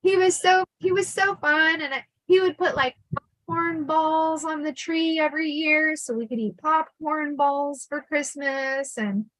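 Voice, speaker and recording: A woman's voice: sits high, measured pace, fairly bright tone, no room sound, poor audio. A middle-aged woman telling stories from her life in a casual chat, laughing often and restarting sentences. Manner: chatty, laughing, many fillers and restarts. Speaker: podcast host telling her life story.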